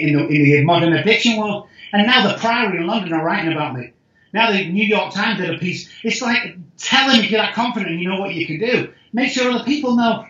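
A man speaking as a guest addiction specialist, telling stories in an emphatic, excitable way that jumps in pitch and loudness. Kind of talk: animated storytelling in conversation. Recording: echoey room, dull lo-fi sound.

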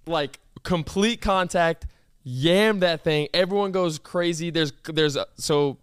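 A young man hosting a casual podcast, telling stories in an animated way and teasing his guest in loud, disbelieving bursts. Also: on the high side, takes it slowly, clean tone, no echo, clean studio sound. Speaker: podcast host. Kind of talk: casual chat.

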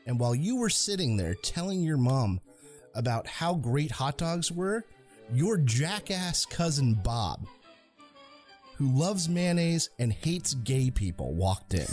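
A man in his thirties co-hosts a casual podcast, his fairly high voice unhurried as he tells stories with animation and acts out the voices in his anecdotes. The recording has no echo, with soft music playing in the background.

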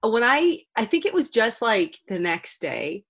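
A woman's voice: on the high side, sing-song, unhurried, a bit bright. Casual female podcast co-host. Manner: laughing easily, lots of fillers. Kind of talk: casual sports podcast chat.

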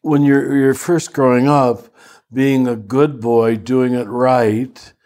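An older man, a priest, telling stories in a slow, reflective conversation with some self-deprecating humor. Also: mid-range voice, little pitch movement, a little mellow. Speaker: priest and teacher.

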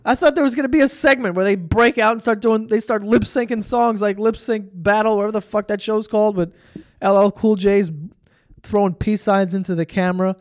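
A man's voice: high-pitched, steady tone, fairly quick. A man hosting a solo podcast, ranting casually with lots of swearing and sarcastic exasperation. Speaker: podcast host.

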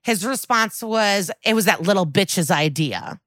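A woman's voice: medium pitch, unhurried, no room sound. A woman co-hosting a podcast, recapping a crime TV episode in casual chat, quoting characters and swearing freely. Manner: swearing, lively recap with quoted dialogue.

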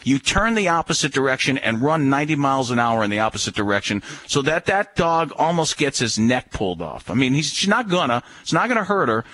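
A man's voice: medium pitch, very animated, a little fast, few pauses, a bit bright, no echo. A man hosting a call-in radio show, giving firm, emphatic dog-training advice. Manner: firm, coaching, emphatic repetition.

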